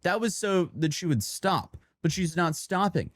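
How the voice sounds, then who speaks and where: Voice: medium pitch, animated, a little slow, no room sound, clean studio sound. A commentary narrator in a played video, answering the clips with scornful, pointed rebuttals. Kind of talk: critical commentary.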